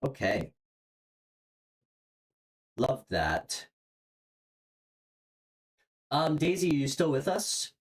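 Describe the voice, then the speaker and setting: A tarot reader hosting a live stream talks extremely slowly, with long pauses, yet sounds very animated at a medium pitch. The casual, encouraging reading is peppered with "um," "like," and repeated words while the reader searches for the next thing to say. The recording is low-quality.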